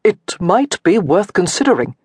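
A woman voicing an earnest gentleman friend who dutifully and gently cautions in an audiobook. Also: medium pitch, sing-song, moderate pace, breathy edge, no room sound, clean studio sound. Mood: cautious advice.

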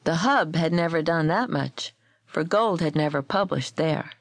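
A woman's voice: sits low, no room sound. Dry-voiced woman narrating a story. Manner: measured, clear storytelling. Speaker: audiobook narrator. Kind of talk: scripted narration.

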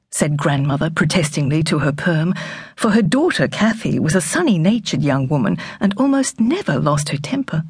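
Husky woman narrating an audiobook. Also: low voice, big pitch swings, a little mellow, no echo, studio quality. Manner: measured storytelling. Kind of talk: scripted narration. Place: recording studio. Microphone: close studio mic.

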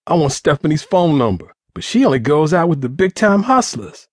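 A man's voice: fairly high pitch, sing-song, fairly quick, no echo, studio quality, pitched above the performer's own voice. A man doing a scoffing teenage street boy. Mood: wistful.

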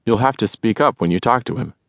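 A man doing a calm, patient helper. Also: fairly low pitch, fast, no room sound, clean studio sound. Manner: calm, explaining. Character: friendly adult man, patient lab helper. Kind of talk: audiobook character voice.

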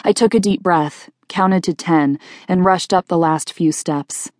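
A woman narrating a first-person audiobook in a plain, steady storytelling manner. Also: fairly low pitch, unhurried, few pauses, no room sound, clean studio sound.

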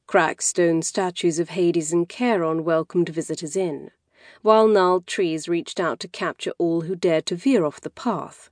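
A woman reads a first-person audiobook, her voice sitting on the low side. She tells the story in a wry, measured way. The recording is close and dry, with no room sound. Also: fairly even intonation, dry recording. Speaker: audiobook narrator. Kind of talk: scripted first-person narration. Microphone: close studio mic.

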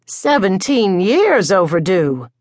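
A woman narrator voicing a stiff, prim small-town librarian who speaks in a crisp, dry tone. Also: mid-range voice, sing-song, slow pace, no room sound.

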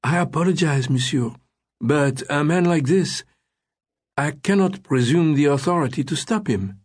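A man doing a fawning French concierge, high. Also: expressive, moderate pace, slightly rough. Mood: urgent. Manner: deferential, hushed and urgent. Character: polite, apologetic male French hotel concierge on a phone. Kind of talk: audiobook character voice.

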